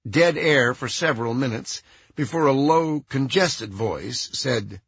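A man's voice: mid-range voice, a little slow, fairly bright tone, husky, no echo. A man narrating a first-person audiobook in a dry, wry way, on a slightly dull recording.

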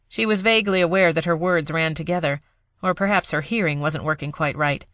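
A woman with a fairly low voice narrates an audiobook from a script, keeping a steady, measured delivery. The recording is dry and close-miked, with no room sound at all.

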